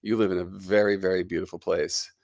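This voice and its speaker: A man's voice: deep voice, flat delivery, a little fast, darkish tone, no echo, studio quality. A middle-aged man with a New Jersey accent and a lingering cold, hosting a casual live stream and chatting with viewers. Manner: chatty and rambling, greeting viewers. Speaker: livestream host.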